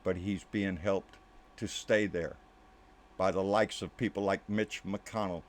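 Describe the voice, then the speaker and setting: A political commentary host, he delivers a furious, foul-mouthed rant to camera. The word "baby" comes up constantly for the listener, and he frequently lowers into mumbled asides. His tone is steady and his pace a touch slow.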